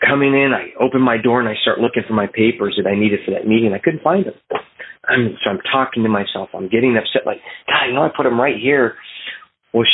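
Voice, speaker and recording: A man's voice: fairly low pitch, husky. A man hosting a phone meeting, telling an earnest personal recovery story and acting out his own thoughts. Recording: tinny phone line.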